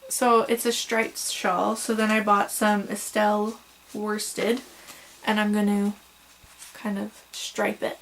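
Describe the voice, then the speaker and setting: A woman's voice: medium pitch, level tone, takes it slowly, a little hiss or hum. A young woman chatting casually at home about her yarn, gushing and rambling a little, tired and fighting hiccups. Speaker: crochet vlogger. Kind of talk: casual show-and-tell vlog.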